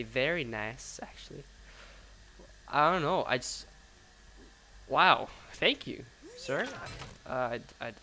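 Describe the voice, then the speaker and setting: A man giving live commentary on his own game, excitable and profane, swinging between mutters and sudden shouts. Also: mid-range voice, slight background noise.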